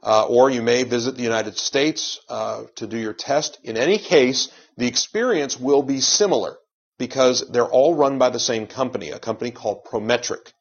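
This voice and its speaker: A man's voice: mid-range voice, normal speed, slightly rough. A man giving an exam-prep lecture in a conversational, advisory way. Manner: conversational, advisory, with frequent uh fillers. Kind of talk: lecture with slides. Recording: dull lo-fi audio.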